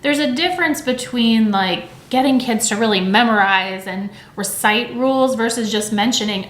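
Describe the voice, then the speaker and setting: A woman's voice: a little high, normal speed, few pauses, fairly bright tone, echoey room, slight background noise. A woman teacher explaining reading rules in a conversational way, often checking in with "right?" and saying sounds aloud to demonstrate. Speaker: teacher and educator.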